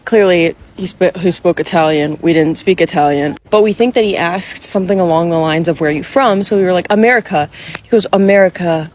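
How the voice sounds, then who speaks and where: A woman's voice: mid-range voice, slight background noise. A woman telling a story while traveling, amused and laughing through it. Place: castle, traveling.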